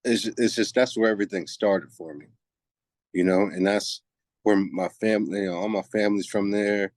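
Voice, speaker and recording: Laid-back low-voiced man, dry sound. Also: moderate pace, darkish tone, dry recording. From New Jersey. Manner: laid-back, reflective, says "you know what I mean" often. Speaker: guest softball player. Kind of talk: casual interview chat.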